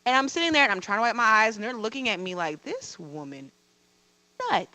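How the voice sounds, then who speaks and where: A woman speaking on a panel, her voice bright and forceful against a dry, close sound. She shares a personal story candidly, laughing at herself and repeating words for emphasis. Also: fairly high pitch, animated, rapid-fire, no echo, low-quality recording. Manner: candid, self-deprecating, emphatic repetition. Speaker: veterinarian and college teacher on a panel.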